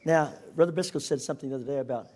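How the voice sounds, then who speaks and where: An older man telling a personal story to a congregation, animated and at times dropping to a whisper. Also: medium pitch, rapid-fire. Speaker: speaker giving a testimony.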